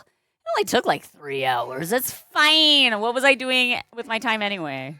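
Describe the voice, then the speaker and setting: A woman's voice: on the high side, very animated, a little slow, sharp tone, no room sound, faint music behind. A woman hosting a casual livestream as a balloon artist, chatty and playful, greeting viewers and making puns. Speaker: balloon artist streamer host.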